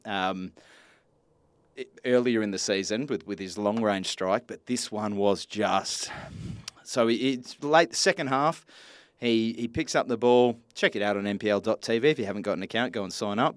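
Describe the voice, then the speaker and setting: A man co-hosts a casual sports podcast, blunt and chatty, swearing freely. His voice sits fairly low and sounds smooth and clean. The sound is dry and close, with no room around it. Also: no echo. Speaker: podcast co-host.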